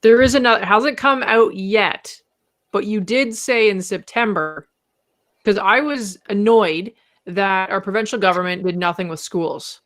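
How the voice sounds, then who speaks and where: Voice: mid-range voice, unhurried, a bit bright. A co-host, chatting animatedly, swearing and acting out quotes. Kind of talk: casual chat.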